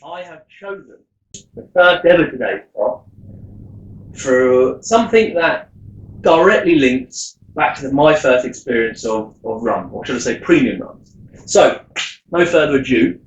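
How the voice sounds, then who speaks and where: A man, telling stories in a chatty, animated way on a rum tasting vlog. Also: mid-range voice, measured pace, dull audio, slight background noise. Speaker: rum vlogger. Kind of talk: casual tasting vlog storytelling. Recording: echoey room.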